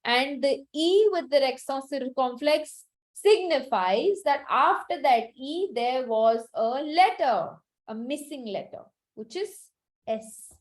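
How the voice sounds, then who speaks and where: High-voiced, slow, patient woman teacher. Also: lively intonation, poor audio. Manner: slow, patient, repeats each word for drilling. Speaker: French teacher. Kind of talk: online class teaching.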